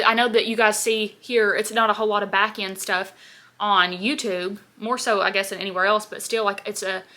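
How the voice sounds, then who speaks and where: A young woman in her twenties with a bright, forceful voice chats through her makeup routine in a loose, rambling way. She leans on constant "like" fillers and talks at a middle pitch, in an easy get-ready-with-me vlog style. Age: 20s. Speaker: beauty vlogger. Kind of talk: casual get-ready-with-me chat while doing makeup.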